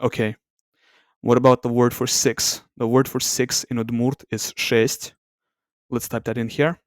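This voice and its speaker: A man with a smooth, resonant voice talks softly through an ASMR-style language comparison. He thinks aloud, hesitates and corrects himself often. The sound is close and dry, with no room around it. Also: medium pitch, flat delivery, measured pace, no room sound. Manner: soft-spoken, reluctant to talk aloud. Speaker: language video host.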